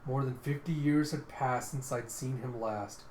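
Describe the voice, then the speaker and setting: A man's voice: medium pitch, steady tone, unhurried, a little mellow, slight background noise, close to an everyday voice. A man voicing an earnest older woman, read aloud from a comic in his own plain voice. The voice sits in a slightly echoey room.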